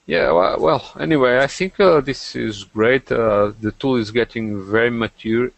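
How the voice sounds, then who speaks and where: A man talks slowly and haltingly, his voice rough with gravel. He hosts a relaxed tech podcast, filling the gaps with "uh", recorded dry and close. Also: mid-range voice, dry recording. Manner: hesitant, many fillers and restarts. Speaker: podcast host. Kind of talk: casual tech chat.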